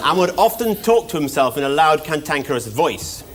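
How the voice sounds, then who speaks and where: A man's voice: fairly high pitch, a little fast. Playful male improv storyteller. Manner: deadpan, playful narration. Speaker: improv performer. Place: TV studio with audience. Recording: live studio audience, background noise.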